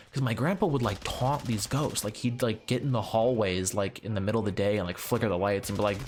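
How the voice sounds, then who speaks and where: A man's voice: fairly low pitch, expressive, a little fast, fairly bright tone, a little hiss or hum. A man casually telling a family ghost story over gameplay, rambling and profane with lots of fillers. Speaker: gaming channel host.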